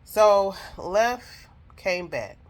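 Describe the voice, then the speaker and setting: A woman's voice: mid-range voice, sing-song, drawn-out words. A woman telling viewers a personal story in an emotional, heartfelt way, speaking straight to them. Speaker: vlogger telling her own story.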